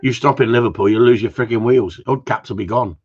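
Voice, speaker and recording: A teasing man chats away on a casual live stream, rambling from one joke to the next. His voice is slightly husky, and the sound is dull and lo-fi. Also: medium pitch, fast talker, darkish tone. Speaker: host of a live gundog Q&A stream. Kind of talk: casual banter with live viewers. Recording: dull lo-fi livestream audio.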